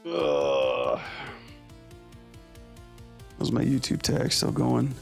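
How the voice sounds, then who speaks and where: A man who animates and streams, chatting casually with his viewers in a relaxed, slangy way over faint guitar music. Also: mid-range voice, normal speed, creaky. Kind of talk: casual livestream chat.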